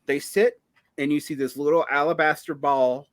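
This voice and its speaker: A man's voice: a little high, steady tone, normal speed, no room sound. A man from the Southern United States in a casual political discussion, telling stories with wry asides. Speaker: podcast guest or host.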